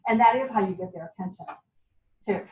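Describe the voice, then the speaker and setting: A woman giving a lively, chatty sales training talk to a group, laughing often and acting out what customers say. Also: mid-range voice, a little fast, a little hiss or hum. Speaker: guest speaker. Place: meeting room. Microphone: far from the mic. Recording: echoey, dull, distant room recording.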